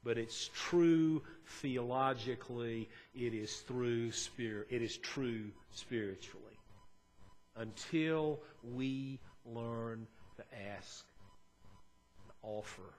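A man preaching a sermon as a pastor, talking in an earnest, conversational way and moving between quiet and emphatic moments. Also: mid-range voice, slow pace.

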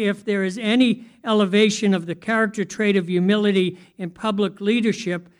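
A man delivers a sermon with a notably high voice. He keeps it conversational and often turns to his listeners with questions. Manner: conversational, asks the audience questions. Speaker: pastor.

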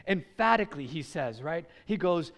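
A man from the United States preaching a sermon to a congregation, animated and urging them to call back responses. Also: fairly high pitch, normal speed, in a large hall. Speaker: pastor. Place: church sanctuary.

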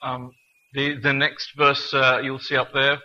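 A man's voice: mid-range voice, monotone, sharp tone, lo-fi sound. Earnest man preaching a sermon. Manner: earnest, reads scripture slowly and deliberately.

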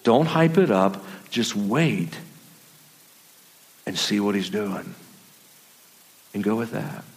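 A man's voice: lowish voice, lively intonation, slow, gravelly, pauses often. A man preaching a sermon in a loose, conversational storytelling manner and sometimes repeating his words. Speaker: pastor. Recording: long reverb of a large hall.

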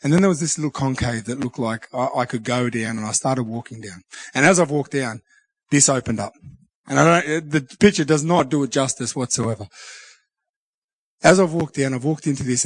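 A man sharing a personal devotional reflection, earnest and halting, often restarting his sentences. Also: mid-range voice, no echo. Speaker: Christian speaker sharing a devotional.

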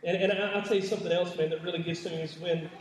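A man's voice: sits high, fairly even intonation, racing, slight background noise. A man preaching a sermon to his congregation, with emphatic repetition and frequent stammering restarts. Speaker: pastor. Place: church sanctuary. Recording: echoey church hall, mic far off.

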